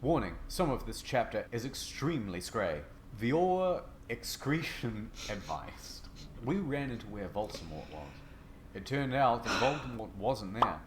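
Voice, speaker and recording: A man narrating a comedic dramatic reading in a deadpan, mock-serious way. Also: medium pitch, a little slow, crowd noise.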